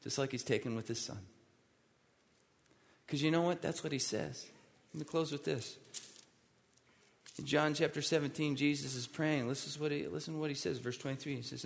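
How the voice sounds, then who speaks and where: A man's voice: fairly high pitch, fairly even intonation, fairly quick, vocal fry. A male pastor preaching a sermon in a church, emphatic and pleading, repeating his points for emphasis. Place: church sanctuary. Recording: long reverb of a large hall.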